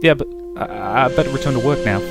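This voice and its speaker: A man's voice: mid-range voice, fast talker, creaky, loud music behind the voice, voice pushed up, lightly acted. Man doing a nervous, stammering young farmer. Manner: hesitant, stammering. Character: nervous young male farmer, shy and evasive.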